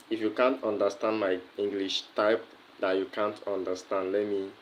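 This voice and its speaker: Slow low-voiced Nigerian man livestreaming. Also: a little hiss or hum, poor audio. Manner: answers viewers' comments directly, many fillers and repetitions. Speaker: livestream host. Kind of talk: casual livestream chat.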